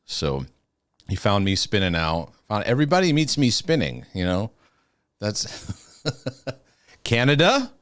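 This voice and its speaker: A man's voice: on the low side, huge pitch swings, slow, long pauses, fairly bright tone, dry recording, clean studio sound. Chatty man hosting a live Q&A. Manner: chatty, laughs often, restarts and stumbles over words. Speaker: host of a live Q&A. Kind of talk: casual live-stream chat.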